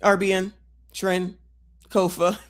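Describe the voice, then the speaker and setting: A woman's voice: medium pitch, little pitch movement, slow. A woman hosting a casual call-in show, roasting the people in videos in a sassy way and saying "child" often. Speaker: host.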